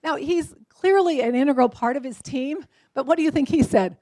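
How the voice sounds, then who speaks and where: Lively woman telling stories at a luncheon. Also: high-pitched, brisk, hardly any pauses, dry recording. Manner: lively storytelling, acts out quoted voices. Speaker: motivational speaker. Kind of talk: luncheon keynote talk.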